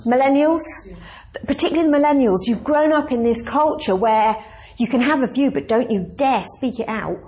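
A woman's voice: high voice, moderate pace, a little mellow. A woman pastor preaching a conversational, emphatic sermon and asking the congregation questions.

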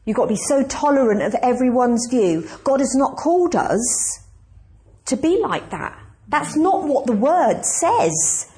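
A woman's voice: high-pitched, big pitch swings, measured pace, warm tone. A woman pastor preaching a conversational, emphatic sermon and asking the congregation questions.

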